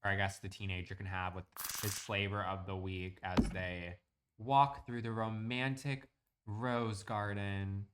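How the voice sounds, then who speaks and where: A man's voice: on the low side, flat delivery, measured pace, heavy background noise. A young man streaming, chatting casually and rambling with lots of fillers while he plays a building game. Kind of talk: casual live-stream chat while gaming.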